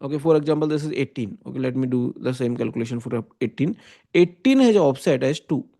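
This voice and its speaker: A man's voice: medium pitch, animated, quick pace, creaky, mellow. A man with an Indian English accent teaching an online lecture, explaining step by step and often checking with "okay?" and "right?". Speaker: computer science teacher.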